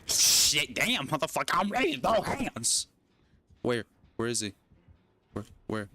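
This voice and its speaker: Male gaming streamer, high and animated, loud crude reactions. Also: measured pace. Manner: excitable, crude, joking, lots of yelling and laughing. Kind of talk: casual livestream commentary.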